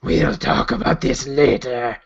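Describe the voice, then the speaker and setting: A man voicing a hoarse part-lizard male sea captain with a forked tongue, speaking slowly and threateningly. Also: mid-range voice, lively intonation. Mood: urgent. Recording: dull lo-fi recording.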